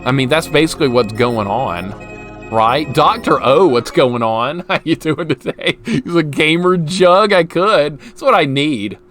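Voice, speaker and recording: A man's voice: fairly high pitch, lively intonation, unhurried, a bit bright. A young man streaming a retro game live, commenting as he plays, getting frustrated, joking and laughing while he reads and answers his chat. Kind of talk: live gameplay commentary chatting with viewers. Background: game music.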